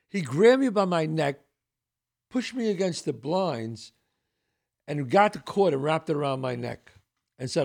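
Older Bronx-accented male podcast host, gravelly voice, lively swooping storyteller who acts out the people he quotes. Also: on the high side, moderate pace. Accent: Bronx New York. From New York. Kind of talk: casual storytelling.

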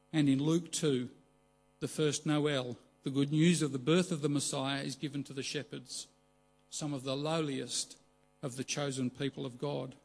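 A man preaching a measured, earnest sermon, slowing down for emphasis. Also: fairly high pitch.

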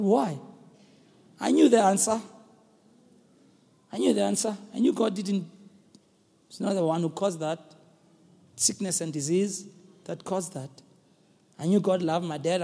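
A South African man preaching a sermon as pastor, earnest and building to emphatic shouts. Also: high voice, vocal fry, slightly rough. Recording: long hall reverb.

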